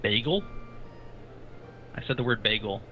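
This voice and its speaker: A man's voice: lowish voice, animated, a little slow, sharp tone, a little hiss or hum, poor audio. A man from South Carolina with a Southern accent, chatting and teasing as a guest on a stream. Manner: playful, teasing, repeats words for fun. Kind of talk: casual chat.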